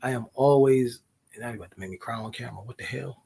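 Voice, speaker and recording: A man's voice: mid-range voice, quick pace, gravelly, dark tone, a little hiss or hum. A man co-hosting a casual couple's podcast, talking earnestly, often cutting in and apologizing, with some swearing. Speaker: podcast co-host.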